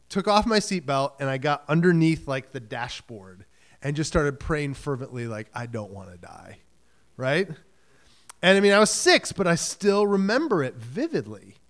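A pastor from Michigan giving a sermon in a conversational way, acting out quoted voices and often saying "like" and "right?". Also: male voice, a little high, a bit bright, clear, resonant tone.

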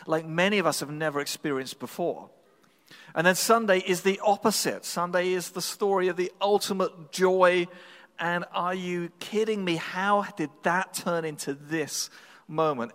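A pastor preaching a sermon in a church, telling stories in a relaxed, humorous, conversational way. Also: male voice, on the high side. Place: church sanctuary. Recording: long reverb in a large hall.

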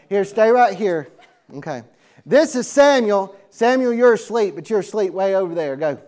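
A man preaching to young people, acting out a Bible story with audience helpers and laughing along. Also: sits high. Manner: lively, laughing, calls on audience members. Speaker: youth pastor. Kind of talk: animated sermon with acted-out bible story.

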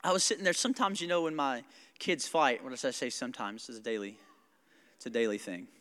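A pastor preaching an animated sermon, laughing often and acting out his kids. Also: medium pitch, fast, in a large hall.

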